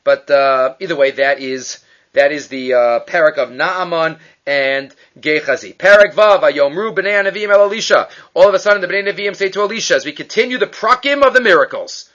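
A man's voice: on the high side, expressive, brisk, a bit bright. A man teaching an informal Bible class, retelling the story with Hebrew terms and acting out the quoted lines. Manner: mixes Hebrew terms into English. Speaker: Torah teacher. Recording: dull lo-fi recording.

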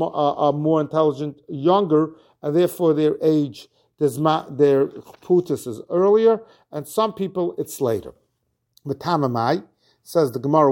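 A man's voice: on the high side, darkish tone. Man explaining a Talmud lesson. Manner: reads Aramaic phrases then explains them, with restarts. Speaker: Talmud teacher. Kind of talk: Talmud lesson, translating Aramaic into English.

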